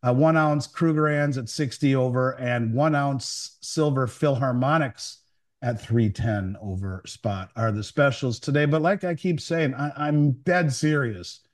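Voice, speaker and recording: A man's voice: medium pitch, unhurried. A man speaking as a guest over a call, blunt and opinionated. He rambles and stumbles through restarts before landing his point. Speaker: precious metals dealer guest. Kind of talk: casual chat. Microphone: remote call.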